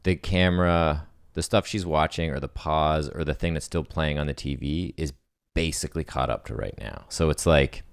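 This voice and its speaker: A man brainstorming a horror short in casual chat and reading a script aloud, thinking out loud with many fillers. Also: extremely low pitch, moderate pace, vocal fry, smooth, dry recording. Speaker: co-host writing a script.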